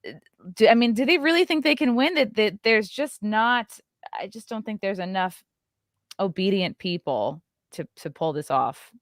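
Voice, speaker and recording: A woman's voice: medium pitch, expressive, normal speed, no echo, clean studio sound. Chatty New woman hosting a podcast. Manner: chatty, laughs often, swears, mocking impressions. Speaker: podcast host. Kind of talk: casual podcast conversation. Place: New York City.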